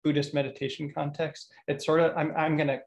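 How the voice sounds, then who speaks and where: Male host, monotone delivery with vocal fry, calm and explanatory. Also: a little high, a little fast. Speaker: podcast host. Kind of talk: casual podcast conversation.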